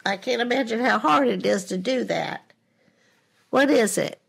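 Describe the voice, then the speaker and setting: A woman's voice: a little high, a little slow, creaky, husky. A woman scambaiter talking bluntly and mockingly on a prank phone call, often repeating herself.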